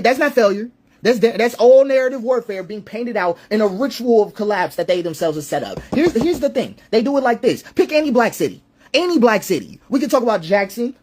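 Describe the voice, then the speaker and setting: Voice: mid-range voice, darkish tone. A social commentator delivering an impassioned monologue, repeating phrases for emphasis, asking rhetorical questions and running through lists of points.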